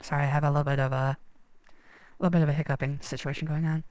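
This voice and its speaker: Woman, game streamer, casual commentary, rambling, self-deprecating, lowish voice, dry close mic. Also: flat delivery, very fast, darkish tone, clear, resonant tone, no room sound, low-quality recording.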